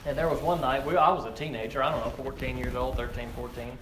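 A man preaching a sermon, earnest, often repeating words as he builds to emphatic, rising peaks and then drops low. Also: fairly even intonation, fast. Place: outdoor or open church setting with frog croaking nearby. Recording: echoey room with faint ambient noise.

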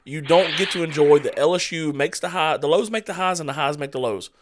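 A man's voice: fairly high pitch, a little fast. A man co-hosting a casual sports chat, rambling and passionate, prone to getting fired up. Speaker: podcast co-host.

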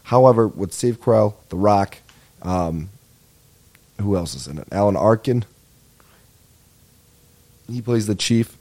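A man's voice: fairly low pitch, lively intonation, measured pace, pauses often, a little mellow. A young man hosting a comedy podcast, telling rambling, profane, self-deprecating stories in a casual monologue, a little tired. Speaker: podcast host.

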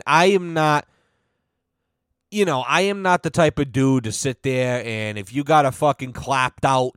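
A man hosting a comedy podcast, ranting casually and profanely, filling every pause with "you know" and acting out quoted people. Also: clean tone, no room sound. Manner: acts out quoted voices with big pitch swings. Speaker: podcast host.

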